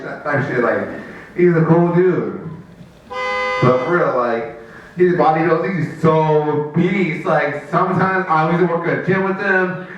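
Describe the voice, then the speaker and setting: Rambling high-voiced man at an open mic. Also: far from the mic, highs cut off. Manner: rambling, fillers of "like", high mock voices for quoted friends. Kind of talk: rambling stand-up storytelling. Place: small open mic venue. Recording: very echoey room, mic from afar.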